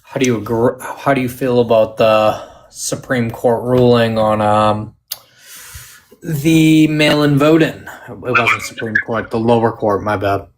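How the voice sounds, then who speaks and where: A man's voice: mid-range voice, unhurried, slight background noise. A man calling into a casual political debate, teasing and trying to provoke the other side. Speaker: debate caller.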